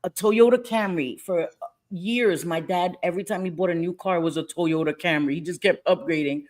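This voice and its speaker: A woman with a New York accent hosting a casual livestream chat, animated and quick to laugh, reading out viewer comments. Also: lowish voice. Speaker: livestream host.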